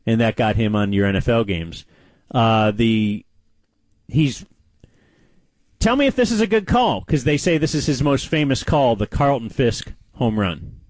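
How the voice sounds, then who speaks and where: Lively man telling sports stories. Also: measured pace, no room sound, low-quality recording. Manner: animated storyteller, lively pitch. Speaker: co-host. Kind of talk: casual sports chat.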